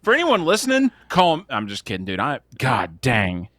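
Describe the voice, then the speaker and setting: Male podcast co-host, lively pitch, jokey and rambling, dry close sound. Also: moderate pace, no echo. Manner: joking, tangent-prone, swears lightly. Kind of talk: casual movie review chat.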